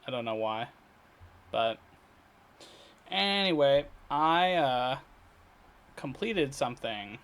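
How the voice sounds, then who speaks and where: A man talking casually in a daily video diary, rambling and halting with many fillers, restarts and throat clearing. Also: mid-range voice, fairly bright tone. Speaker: vlogger. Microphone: computer recording setup.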